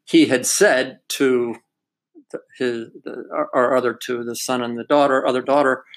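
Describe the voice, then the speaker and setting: Older guy chatting, telling a story, thoughtful, mid-pitched voice. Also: fairly even intonation, moderate pace. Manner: storytelling, reflective, laughs while telling. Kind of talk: casual chat.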